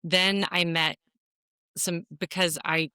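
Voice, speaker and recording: A woman's voice: lowish voice, steady tone, slow, sharp tone, smooth, dry recording, studio quality. A woman from Virginia co-hosting a podcast in casual chat, playful and laughing often. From Virginia, USA. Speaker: podcast co-host.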